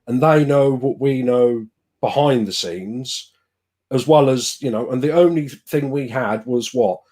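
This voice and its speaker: Guy on a football podcast going off about it, animated and kinda exasperated, mid-range voice. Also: mid-range voice. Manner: animated, exasperated, thinks aloud. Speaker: podcast co-host. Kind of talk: casual football chat.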